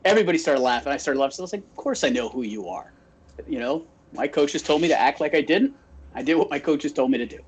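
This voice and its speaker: A little high and breathy-edged, this man's voice moves fast as he co-hosts a podcast. The Phoenix, Arizona native tells stories in easygoing chat, acting out the quotes with animated flair.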